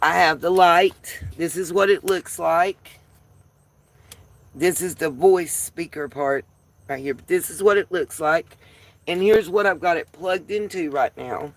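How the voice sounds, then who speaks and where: A woman's voice: on the low side, unhurried. A woman with a Southern accent hosting a casual live stream, chatting with viewers in a folksy way and calling them y'all. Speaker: livestream host.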